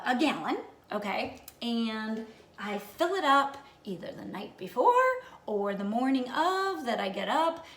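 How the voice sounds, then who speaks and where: A woman's voice: on the high side, a bit bright. A woman hosting a plant-based diet challenge in a casual instructional vlog, chatty and homey, often checking in with "okay?" and joking at her own expense, recorded in her home kitchen. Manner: homey, self-deprecating humor. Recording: echoey room, voice far from mic, faint room noise.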